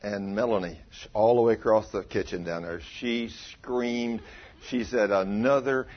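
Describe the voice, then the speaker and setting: Folksy preacher man, husky, lo-fi. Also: fairly low pitch, moderate pace. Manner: folksy, animated, rising to loud emphatic peaks. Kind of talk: sermon with storytelling. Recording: dull lo-fi recording.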